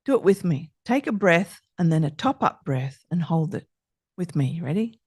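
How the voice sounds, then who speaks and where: A middle-aged woman hosting a podcast, calmly leading listeners through slow breathing exercises with gentle, soothing instructions. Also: on the low side, husky, no echo, clean studio sound. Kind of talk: calm guided breathing exercise.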